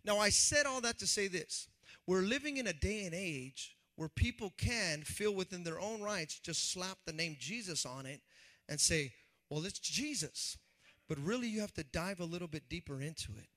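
In a conversational, animated sermon, a male pastor dramatizes the voices he quotes. His voice is high-pitched and his speed normal.

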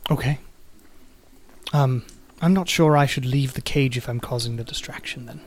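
A man's voice: medium pitch, normal speed, a little hiss or hum. Casual man running a tabletop game. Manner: casual, rambling, laughs often. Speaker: game master.

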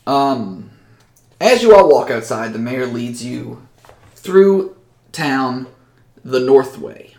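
Gravelly-voiced man narrating as game master. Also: mid-range voice, takes it slowly, pauses often, reverberant. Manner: relaxed descriptive, many fillers.

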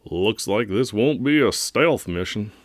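A woman voicing a huge, strong male space pirate in a gruff, deep put-on voice. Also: expressive, moderate pace, no room sound. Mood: eager. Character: big, super-strong male pirate, eager brawler.

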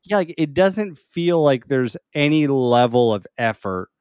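A man co-hosting a podcast in casual movie chat, relaxed, laughing between points and using lots of "like" fillers. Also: medium pitch, measured pace, clear, resonant tone, no room sound, studio quality. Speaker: podcast co-host.

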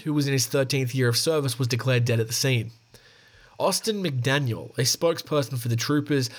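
Man reading news with casual asides. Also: medium pitch. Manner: stumbles and restarts while reading, chatty asides. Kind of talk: reading news articles aloud with casual commentary.

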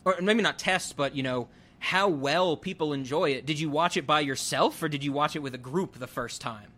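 Brief: young male podcast host, rambling and chatty, bright and slightly high. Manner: chatty, many fillers and quick asides. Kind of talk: casual chat.

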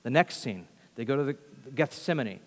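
A man preaching a sermon, telling the story with animated quoted voices and swinging from loud to hushed. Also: medium pitch, normal speed, in a large hall.

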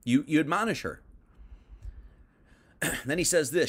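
A man teaching on a Bible passage in a livestream, chatty, dropping to quiet asides and then rising to emphatic bursts, reading verses aloud and paraphrasing them loosely. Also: on the high side, lively intonation, unhurried, pauses often, slightly rough. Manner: conversational, swings from quiet asides to emphatic outbursts. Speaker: preacher.

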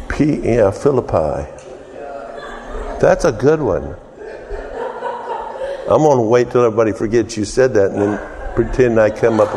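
A man preaching a teaching sermon in a folksy way, joking with the congregation and often repeating words as he restarts. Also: lowish voice. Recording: long reverb of a hall.

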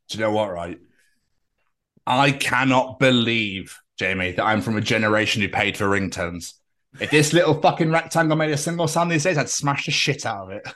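A man co-hosting a casual podcast, reading out posts in a sarcastic, sweary, deadpan way. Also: medium pitch, normal speed. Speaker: podcast co-host.

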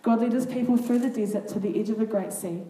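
A woman reading a children's Bible story aloud to a group, with earnest, expressive comments between passages. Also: on the high side, fast talker. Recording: echoey room, far from the mic, faint noise.

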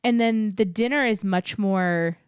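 A woman's voice: mid-range voice, a little slow, clear, resonant tone, no room sound, clean studio sound. A woman co-hosting a casual chat, teasing and giggling, with many "um"s and "like"s. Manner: teasing, giggly, lots of fillers. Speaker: co-host.

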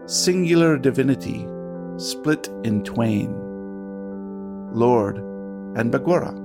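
A man voicing a woman pastor who preaches a solemn sermon in a slow, grand, chanting way. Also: mid-range voice, lively intonation, over music.

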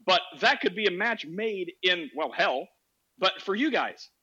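Sarcastic guy host laughing thru his story, kinda high and bright, muffled audio. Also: expressive, unhurried, breathy edge. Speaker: podcast host. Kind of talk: casual chat on a social audio app.

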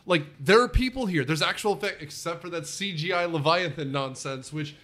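A man co-hosting a casual movie-review chat, rambling with lots of fillers and quick laughs. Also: fairly high pitch, a bit bright. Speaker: podcast co-host.

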